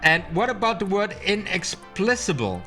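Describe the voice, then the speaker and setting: Man, German accent, card magic lesson, slightly high voice, very lively pitch, hesitant fillers, faint music behind. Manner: chatty and playful, hesitant with fillers, sounds out words slowly. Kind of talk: casual live-stream lesson, reading aloud from a magic book.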